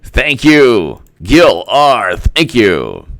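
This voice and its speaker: A man's voice: mid-range voice, sing-song, very slow, fairly bright tone, no echo. A man giving casual political commentary in a sarcastic, mocking way, laughing often.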